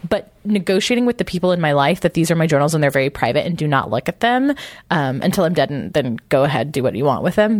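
A woman's voice: deep voice, no echo. A woman interviewed as a guest, speaking in an earnest, encouraging way.

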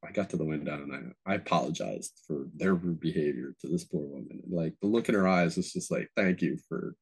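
Husky-voiced man telling animated stories. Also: quick pace. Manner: animated storyteller, acts out quotes with sharp pitch jumps, swears freely. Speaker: podcast host. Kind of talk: casual chat.

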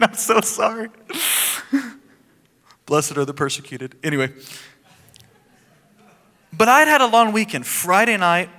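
A male pastor delivers a sermon as a lively personal story, breaking into laughs and playful asides. His voice is bright and forceful and sits a little high. The sound carries a long reverb, as in a church hall.

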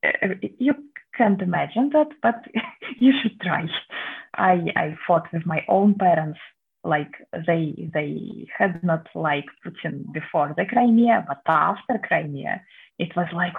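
Russian-accented woman guest, low husky gravelly voice, halting English, heard over a thin phone-quality line. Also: expressive. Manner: halting, many restarts and fillers, laughs mid-sentence. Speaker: activist and public historian guest. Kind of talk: interview answers. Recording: tinny phone-line audio.

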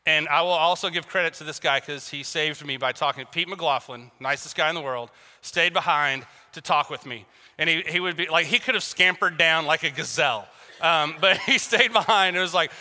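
A man preaching a sermon to a congregation, animated and joking, often asking the crowd questions. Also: fairly high pitch, normal speed. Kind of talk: sermon with personal storytelling. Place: large hall with a congregation. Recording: long reverb from a large hall.

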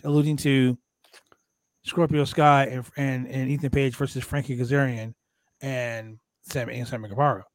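A man hosting a casual wrestling recap show, talking in an animated, profane way and acting out quotes from the show. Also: mid-range voice, moderate pace, no echo. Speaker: podcast host recapping wrestling.

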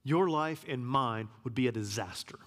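A man giving a sermon as a guest preacher, earnest, repeating key phrases and sometimes dropping to a hush. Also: medium pitch, normal speed. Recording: long hall reverb.

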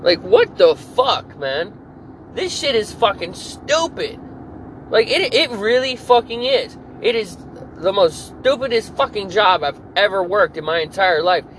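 Angry man, high-pitched, profane venting monologue, faint street noise underneath. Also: expressive, measured pace, fairly bright tone, poor audio. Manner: profane, furious ranting. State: irritated. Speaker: podcast host. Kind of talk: angry work rant monologue.

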